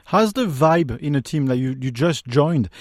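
A man's voice: a little high, expressive, moderate pace, dry recording, clean studio sound. A man with a French accent asking interview questions in a chatty, teasing way.

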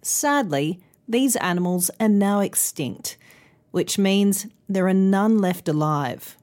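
A woman hosting a pronunciation lesson podcast, speaking slowly and carefully enunciating each sound. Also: medium pitch, expressive, a little mellow. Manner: slow, clear, carefully enunciated teaching. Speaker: pronunciation teacher and podcast host. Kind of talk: scripted instructional podcast.

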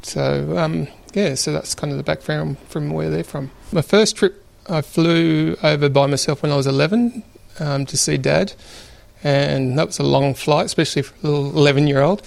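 A man in his fifties with an Australian accent, telling family stories in a relaxed, rambling way with many fillers. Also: a little high, moderate pace, vocal fry. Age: 50s. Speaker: interviewee. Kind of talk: relaxed storytelling.

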